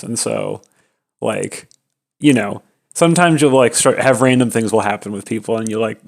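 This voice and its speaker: A man's voice: fairly low pitch, gravelly. A man streaming a game, telling a rambling casual story full of "like" and "you know" and breaking into nervous laughter.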